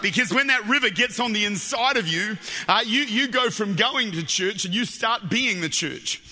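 Preaching at normal speed in a big, reverberant church hall, an Australian man uses a very high, intensely bright voice. His sermon blends jokes and animation with fervent appeals that build to shouting.

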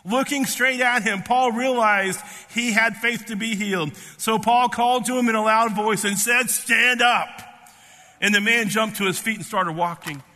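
A man's voice: normal speed, few pauses, pushed and bright, long reverb tail. A man in his fifties preaching a sermon, emphatic and repetitive, tearful as he rises to fervent peaks. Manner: emphatic, repeats words, rising to fervent pitch.

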